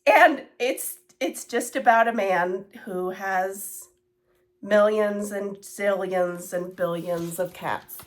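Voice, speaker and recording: Slow-talking chatty woman stitch vlogger. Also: medium pitch, steady tone. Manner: rambling and chatty, with many fillers and asides. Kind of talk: casual chat.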